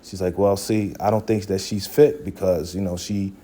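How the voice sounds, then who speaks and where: A man's voice: deep voice, steady tone, normal speed, dark tone. A man casually recapping a TV episode, retelling scenes by briefly mimicking the characters' lines. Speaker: recap video host.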